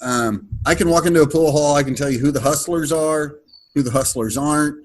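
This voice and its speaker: A man hosting a podcast over a video call, talking in a relaxed, rambling way with crude humor. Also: on the high side, fairly quick, rough recording. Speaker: podcast host.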